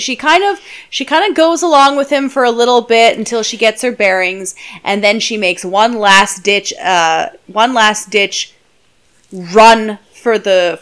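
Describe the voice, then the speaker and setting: A woman co-hosting a casual book podcast, gushing and acting out quotes from the book. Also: mid-range voice. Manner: gushing, animated, acts out quotes. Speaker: podcast co-host.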